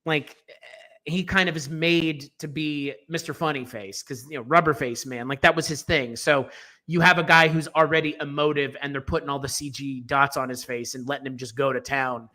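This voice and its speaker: Guy cohosting a movie podcast, kinda high bright voice, super opinionated, rambles with lots of ums and likes. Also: steady tone, normal speed. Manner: emphatic, opinionated, rambling with fillers and restarts. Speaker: film podcast co-host. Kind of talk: casual opinionated film discussion.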